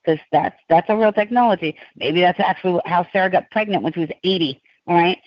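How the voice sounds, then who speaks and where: A woman speaks as a podcast guest and drifts from one tangent to the next in loose, animated storytelling. Her voice sits close and dry on a slightly dull, lo-fi recording. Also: on the low side, fast, dry recording. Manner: rambling, animated, digressive storytelling.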